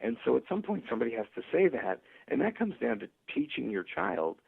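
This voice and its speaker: A male author telling stories and acting out parents' voices in a radio interview, with a husky, gravelly voice. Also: mid-range voice, big pitch swings, a little fast. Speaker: author guest. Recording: tinny phone line.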